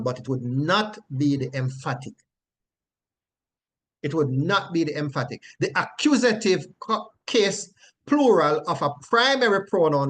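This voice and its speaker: A male Bible teacher explaining grammar in a lesson, often pausing to check in with "right?". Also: fairly high pitch.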